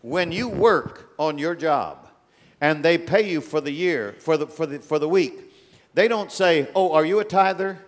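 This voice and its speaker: A man delivers a sermon in a large auditorium, his voice sitting a little high for a man. He swings from booming, stretched-out proclamations to hushed, grave rebukes. Long reverb hangs after each phrase in the big hall. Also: expressive, measured pace. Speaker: guest preacher.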